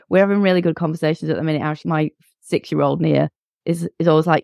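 A woman's voice: low voice, fast, gravelly, dry recording, clean studio sound. A middle-aged woman chatting candidly as a podcast guest, acting out little bits of dialogue as she talks. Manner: candid and animated, acts out dialogue. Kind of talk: casual chat.

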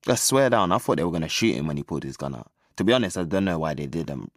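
A man's voice: deep voice, lively intonation, rapid-fire, no room sound, studio quality. An actor playing a streetwise young man, musing wryly in a casual, slangy way. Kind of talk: audio drama monologue.

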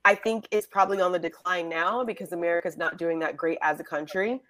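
A woman from the United States, a guest co-host in a casual reality TV recap, talking playfully with quick asides. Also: fairly low pitch, fairly even intonation, fairly bright tone, no echo.

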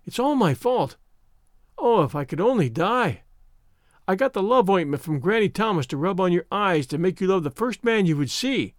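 A desperate young woman from an old storybook, pleading and wailing in a high, swooping voice, as a male reader puts her on. The recording is dry and close, with no room sound. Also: animated, moderate pace, no echo. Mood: distraught. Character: young distressed woman, anxious and remorseful.

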